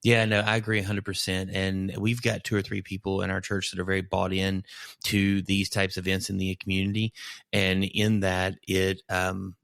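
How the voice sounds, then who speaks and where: Brief: male pastor, slightly low voice, chatty and rambling, dry close mic. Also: completely flat delivery, moderate pace, creaky, fairly bright tone, no room sound. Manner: rambling storyteller, many restarts. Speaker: bivocational pastor. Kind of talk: casual podcast conversation.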